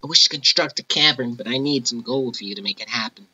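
A man's voice: mid-range voice, fast, pushed and bright, husky, highs cut off, soft background music. A man voicing a pushy gold-hungry builder.

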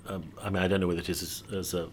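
Deep-voiced thoughtful man. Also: little pitch movement, a little hiss or hum. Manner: thoughtful, measured, tacks on questions to his co-star. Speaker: actor interviewee. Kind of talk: casual interview chat.

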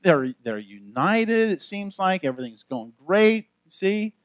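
A male pastor preaching a sermon in a lively, conversational way with frequent asides to the congregation. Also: high-pitched, unhurried, no room sound. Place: church.

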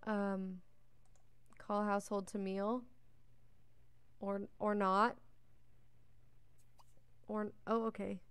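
A woman's voice: mid-range voice, flat delivery, extremely slow, long pauses, smooth, no echo. A young woman giving casual, chatty gameplay commentary as a let's play host, talking to the characters on screen and yawning often. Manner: chatty, talks to the game characters. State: yawning a lot.

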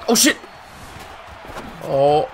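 A young man giving excited live commentary on his own football video game match, swinging between muttering to himself and loud shouting. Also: fairly high pitch, drawn-out words, gravelly. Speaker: gaming streamer.

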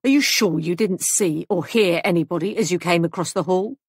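A woman's voice: fairly low pitch, fairly quick, husky, no echo, studio quality. A woman voicing a stern male police sergeant in an audiobook, speaking in a firm, clipped, probing way. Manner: firm, clipped, pressing questions.

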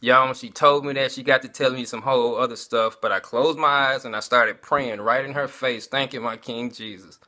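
A man tells his testimony in a relaxed, conversational way, often calling out to his listeners as y'all. His voice is bright and forward, set at an average pitch for a man. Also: brisk, few pauses. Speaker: vlogger giving a testimony. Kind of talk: casual personal testimony.

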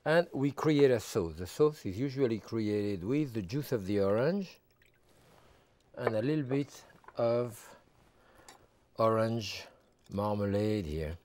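A man working as a TV chef, walking through a cooking demonstration step by step and adding relaxed asides as he goes. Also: on the low side, slow, noisy background. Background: background music.

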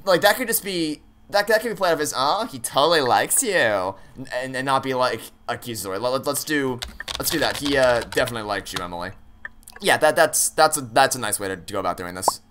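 A man's voice: mid-range voice, lively intonation, fast, noisy background. A man playing through a story game, thinking aloud with hesitant, stammering restarts and casual swearing. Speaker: let's play gamer.

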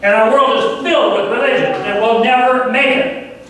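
A man's voice: very high-pitched, fairly even intonation, moderate pace, fairly bright tone, a little hiss or hum. A man preaching an earnest, emphatic sermon as a guest preacher, recorded in a church from a distance. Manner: earnest, emphatic, grows fervent. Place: church sanctuary. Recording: very echoey church from far off.

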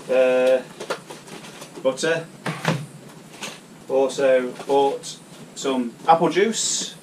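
Rambling British man vlogging, mic a bit far off. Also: mid-range voice. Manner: rambling, hesitant, many fillers. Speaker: cycling vlogger. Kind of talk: casual vlog. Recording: distant mic, faint background noise.

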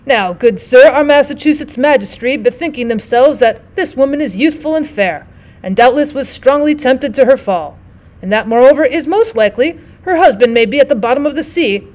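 Chatty, pious townsman in a storybook reading, earnest and eager to explain, read by a woman with a fairly high voice. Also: lively intonation, fairly quick, darkish tone. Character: pious, talkative male townsman.

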